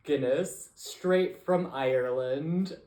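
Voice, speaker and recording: A man co-hosting a podcast in casual chat, animated and campy with playful slang. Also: a little high, takes it slowly. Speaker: podcast co-host. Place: room at home, with the co-host across a coffee table. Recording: echoey room.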